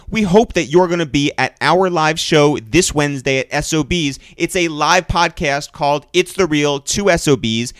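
A man's voice: a little high, fairly bright tone, no room sound, clean studio sound. Upbeat man hosting a podcast. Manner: upbeat promo delivery. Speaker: podcast co-host. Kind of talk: casual podcast chat and scripted shout-outs.

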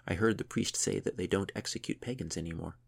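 A man voicing a bold, practical young woman who speaks in a steady, determined way. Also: sits low, quick pace, vocal fry, exaggerated voice. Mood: low urgent.

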